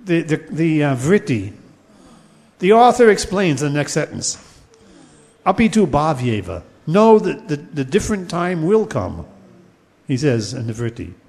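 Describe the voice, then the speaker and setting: A man's voice: a little high, big pitch swings, measured pace, gravelly, darkish tone. Man lecturing in a reverberant hall. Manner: explains patiently, chants Sanskrit verses, many fillers and restarts. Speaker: teacher of Sanskrit poetics. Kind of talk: classroom lecture.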